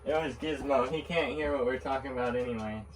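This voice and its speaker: A man's voice: mid-range voice, fast. A man hosting his own cooking vlog from a home kitchen, casual and matter-of-fact with dry little jokes. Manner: relaxed, matter-of-fact, dryly joking. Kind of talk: casual chat while cooking. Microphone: fixed camera on the counter. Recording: noisy kitchen recording.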